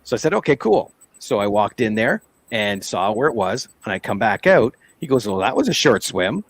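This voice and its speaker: A man's voice: on the low side, very animated, moderate pace, husky, rough recording. A man hosting a casual podcast chat, telling anecdotes in an easygoing way and laughing often.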